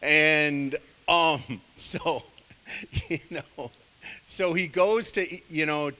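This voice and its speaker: A man's voice: on the high side, very slow, bright, forceful tone, big-room sound. A man leading a casual Bible study, talking in a rambling, digressive and self-deprecating way, full of conversational asides. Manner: many fillers, conversational asides. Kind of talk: casual teaching sermon.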